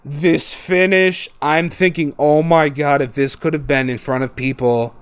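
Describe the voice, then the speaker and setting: Male host, casual wrestling recap, slightly higher voice, dry close mic, animated, does exaggerated voices for quotes. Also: unhurried, smooth, dry recording.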